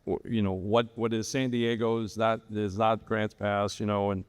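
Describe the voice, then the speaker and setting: A man with a lowish, clean-toned voice speaks at normal speed with flat delivery on a live real estate panel. He rambles through a long story, restarting often, and the large event hall gives the recording a reverberant sound.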